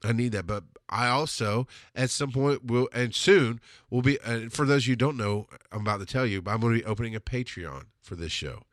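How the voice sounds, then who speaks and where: A man's voice: medium pitch, fairly quick, hardly any pauses, no room sound, studio quality. A man hosting a solo podcast, talking in a blunt, rambling way and swearing freely. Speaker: podcast host.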